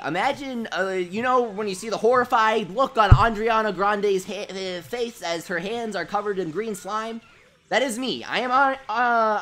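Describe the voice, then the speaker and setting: A man's voice: high-pitched, a bit bright. Young guy on a livestream, self-mocking story, voice jumps around a lot. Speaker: livestream host.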